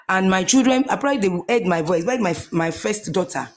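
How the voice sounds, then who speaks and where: A woman's voice: medium pitch, animated, fast talker, slight background noise. Earnest Nigerian woman telling her story. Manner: earnest, repeats phrases, restarts often. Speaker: guest sharing a testimony. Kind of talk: emotional personal testimony.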